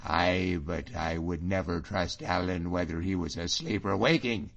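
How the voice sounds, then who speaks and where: A man doing a hearty, mocking Highlander. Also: unhurried, creaky, fairly bright tone, heavily acted. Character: bold wily Scottish Highlander, middle-aged man. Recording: dull lo-fi audiobook recording.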